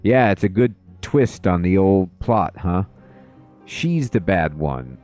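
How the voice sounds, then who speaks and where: A man's voice: lowish voice, very animated, a little slow, warm tone, faint music behind. A man playing a video game and thinking aloud as he goes, in a let's play commentary at a desk microphone. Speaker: gaming video host.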